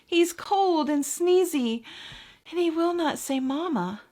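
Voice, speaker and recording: A woman's voice: extremely high pitch, lively intonation, slow, dark tone, voice pushed up, full character voice. A woman voicing an anxious mother mouse. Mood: pleading. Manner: pleading, earnest. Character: anxious mother mouse protecting her newborn.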